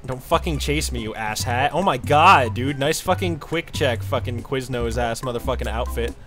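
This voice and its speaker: A young man giving casual, profane commentary while streaming a game, with frequent loud outbursts. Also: medium pitch, normal speed, soft background music. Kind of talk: casual live gameplay commentary.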